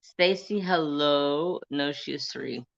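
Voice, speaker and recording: A man's voice: on the high side, slow, gravelly, no echo, lo-fi sound. A man hosting a casual crafting live stream from his phone, telling stories in a laid-back way, swearing and laughing often. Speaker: livestream crafting host.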